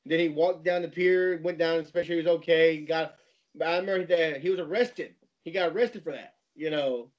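A man chats casually with a notably high voice, telling stories with animated energy. The recording sounds dull and lo-fi. His retellings swing into excited outbursts. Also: brisk. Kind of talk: casual chat.

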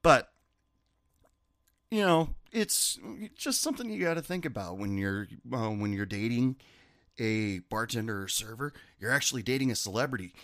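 A former bartender tells stories in a casual monologue, rambling and chatty, correcting himself as he goes. His mid-range voice is lively and a bit bright at a moderate pace, with clean studio sound and no echo.

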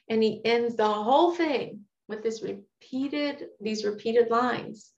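A woman teaches from a psalm in a candid, heartfelt, conversational way, weaving in quoted verses. Her voice sits a little high. The recording sounds roomy and echoey, with a dull, lo-fi tone. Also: takes it slowly, hardly any pauses, a little mellow. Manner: earnest, candid and conversational, quoting scripture. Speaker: Bible teacher.

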